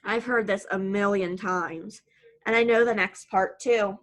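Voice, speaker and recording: A woman's voice: medium pitch, fairly even intonation, a little slow. Woman narrating a first-person audiobook.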